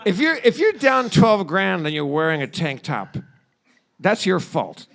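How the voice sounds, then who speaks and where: A man's voice: sits high, big pitch swings, a little slow, gravelly, a bit bright. A man co-hosting a podcast, telling a rambling comic story full of restarts and swearing. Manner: rambling, profane, stammering restarts. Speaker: podcast co-host. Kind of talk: casual comedic storytelling.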